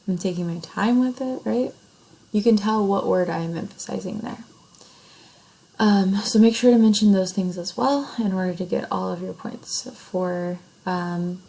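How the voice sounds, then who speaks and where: A woman's voice: mid-range voice, mellow, rough recording. A woman teacher walking her students through an essay assignment in a recorded lesson, explaining step by step and checking in with "right?" as she goes.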